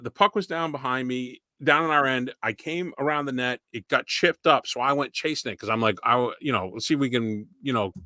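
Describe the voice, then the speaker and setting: A man's voice: medium pitch, sharp tone, dry recording, studio quality. A middle-aged man co-hosting a podcast, rambling through stories with swearing and laughs. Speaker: podcast co-host. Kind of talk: casual chat.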